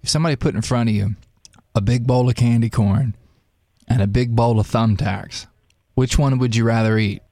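A man's voice: medium pitch, normal speed, warm tone, no room sound, studio quality. A man in his thirties co-hosting a radio show, teasing and cracking puns. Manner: joking, teasing, punny. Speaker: radio co-host. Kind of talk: casual radio banter.

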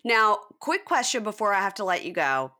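A woman podcast host in casual chat, animatedly recapping a reality show and acting out the cast's lines. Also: fairly quick. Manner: animated, acts out cast quotes in high voices.

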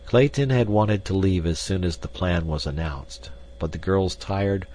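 A man reading a novel aloud as an audiobook narrator, measured and even. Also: low-pitched. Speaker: audiobook reader. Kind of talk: scripted narration.

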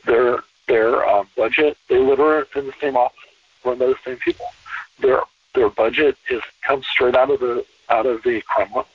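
Husky-voiced man on a tinny line. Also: medium pitch, fairly even intonation, normal speed, no echo. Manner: emphatic, repeats phrases for stress. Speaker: podcast guest. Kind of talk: conversational interview. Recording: distant, tinny phone-line sound.

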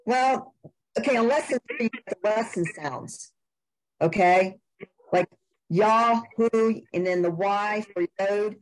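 A woman's voice: mid-range voice, measured pace, darkish tone, poor audio. Hesitant woman student asking questions. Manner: hesitant, searching for words.

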